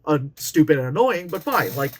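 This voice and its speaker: A woman in her late thirties giving a casual, profane movie review, animated and often mocking characters in put-on voices. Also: low voice, normal speed, a little hiss or hum. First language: Chinese. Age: late 30s.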